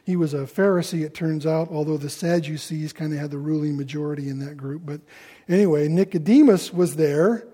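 A man preaching a sermon in a conversational way, acting out the people he quotes in louder voices. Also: fairly high pitch, fairly quick, breathy edge. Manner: conversational, acts out quoted voices with rising loudness.

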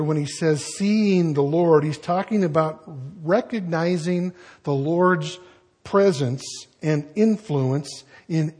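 A middle-aged pastor preaching a sermon, husky, emphatic, slowing down and rising on key words. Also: male voice, a little high, a little mellow.

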